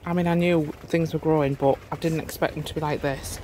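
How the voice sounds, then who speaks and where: Home gardener, casual vlog walkthrough, chatty, exclaiming, middle pitch, faint background hum. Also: fairly even intonation, fairly quick. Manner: chatty, exclamatory, easily amazed. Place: inside a warm garden polytunnel.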